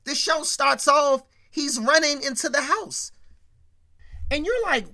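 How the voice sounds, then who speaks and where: A casual show-recap commentator with a bright, forward tone. The delivery is slangy and digressive, addressed straight to the audience. It turns louder and more animated when walking through scenes. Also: sits high, slow, gravelly.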